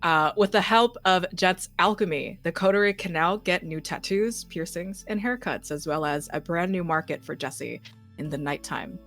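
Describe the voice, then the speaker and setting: Youngish woman running the game, low-ish voice, brisk recap reading. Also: a bit bright, soft background music. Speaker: game master.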